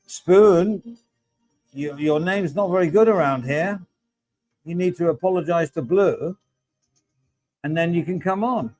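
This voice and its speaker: A man's voice: a little high, measured pace, pauses often, a little mellow, poor audio. A middle-aged man hosting a casual livestream, reading out chat and joking with viewers by name. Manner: chatty, jokey, addresses viewers by name.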